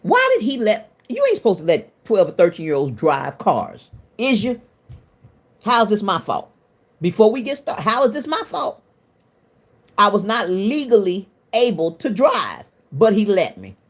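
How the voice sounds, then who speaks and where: A woman's voice: medium pitch, wildly swooping pitch, measured pace. A middle-aged woman hosting a livestream, telling a story to her chat in a colloquial, self-mocking way with frequent laughs. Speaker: livestream host. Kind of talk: casual storytelling to a live chat.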